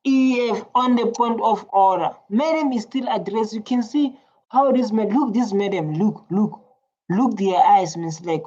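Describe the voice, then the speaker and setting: A woman talks slowly through a reaction video in a warm, mellow voice. She rambles and repeats herself as she chats. The recording sounds a little muffled and lo-fi. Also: mid-range voice. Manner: chatty, rambling, repeats words. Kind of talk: casual reaction commentary.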